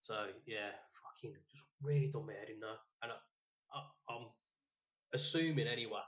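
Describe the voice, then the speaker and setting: With a lowish voice at a moderate pace, a man on a podcast co-hosting gig tells a long-winded, curse-filled story in casual talk. He animates the retelling as he goes.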